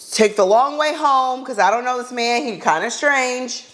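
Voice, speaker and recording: A woman's voice: mid-range voice, normal speed, few pauses, a little hiss or hum. A woman podcast host telling a funny dating story in a casual way, acting out her own lines with blunt, exasperated asides. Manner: animated, acts out her own reactions in dialogue.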